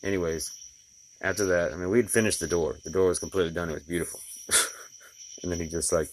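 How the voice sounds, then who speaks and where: A man's voice: low-pitched, steady tone, fast, a little hiss or hum. A middle-aged man who installs glass, telling stories about his day in a rambling, folksy way with lots of fillers. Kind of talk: casual personal vlog.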